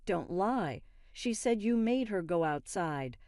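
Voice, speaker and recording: A woman doing an angry young husband in a spoken story, blunt and accusing. The voice sits low and mellow, recorded close and dry with no room sound. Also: expressive, slow pace, clean tone, dry recording.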